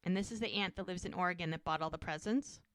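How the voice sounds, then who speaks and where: Podcast co-host, female, lively recap storyteller, bright tone, dry close sound. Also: on the low side, fast, smooth, no room sound. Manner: animated retelling, acting out characters' lines. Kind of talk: casual chat, recapping a TV episode.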